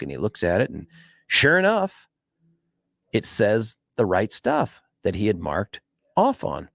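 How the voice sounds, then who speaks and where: A man's voice: sits low, lively intonation, a little slow, creaky, no echo, studio quality. A man hosting a talk radio show, telling a story in a monologue and acting out the voices of the people he quotes.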